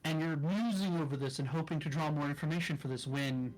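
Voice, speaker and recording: A man narrating as dungeon master in a tabletop game, describing scenes in a deliberate way over a voice call. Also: on the high side, darkish tone, faint music behind, rough recording. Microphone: discord call mic.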